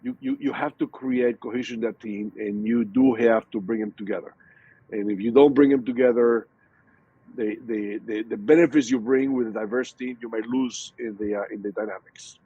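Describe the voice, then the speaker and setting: Husky older man telling stories with many restarts. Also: medium pitch, moderate pace, no echo, dull audio. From Hispanic background, from a Spanish-speaking country. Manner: animated storytelling with frequent restarts and repeated words. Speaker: guest speaker. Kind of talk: casual interview answers.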